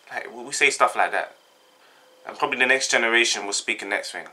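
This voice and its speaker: Laid-back South London young man, bright tone. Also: medium pitch, fast. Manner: laid-back, jokey, rambling with slang. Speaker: vlogger. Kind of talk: casual chat, answering a tag.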